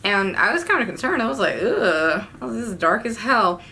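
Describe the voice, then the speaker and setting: A young woman recounts a wild night in a casual storytime vlog, talking loose and slangy and breaking into sudden cursing outbursts. Her voice is bright and forward. A faint background hum sits under her. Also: fairly high pitch, big pitch swings, fast talker. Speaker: vlogger.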